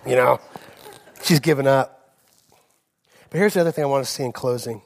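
A man's voice: medium pitch, normal speed, long pauses. A man in his forties, a pastor preaching a sermon, telling personal stories and building to impassioned preaching.

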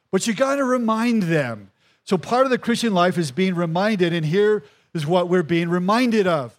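A male pastor preaching a sermon to his congregation, emphatic and repetitive, calling out to the crowd for responses. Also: high-pitched. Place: church service in a tent.

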